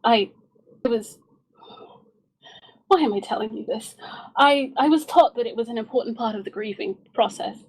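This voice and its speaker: A woman's voice: on the high side, moderate pace, pauses often, a little mellow, husky, poor audio. A woman playing a weary adventurer in a live-streamed tabletop game, stammering through awkward condolences with many restarts.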